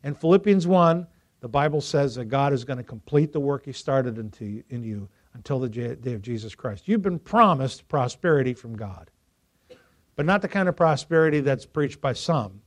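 A male pastor preaching a sermon to a congregation, lively and joking with them, rising to loud emphasis. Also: medium pitch, normal speed. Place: church before a congregation.

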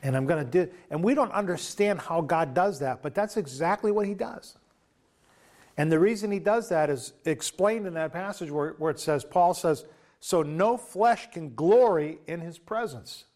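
A man delivers a sermon as an extended story, speaking a little higher than most men. He wanders conversationally through the tale and slips into the voices of the people he quotes. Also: expressive, moderate pace, a little mellow. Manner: loose conversational retelling with quoted dialogue. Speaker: pastor.

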